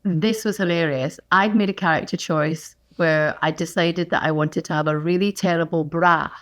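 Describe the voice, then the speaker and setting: A middle-aged Scottish woman, a guest actor, telling lively anecdotes in a casual podcast chat and laughing often. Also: on the low side, moderate pace.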